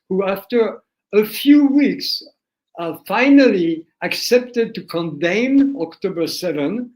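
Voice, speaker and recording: A man's voice: high-pitched, darkish tone, rough recording. A man answers interview questions as a filmmaker. He speaks bluntly and emphatically, with flashes of indignation. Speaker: guest filmmaker.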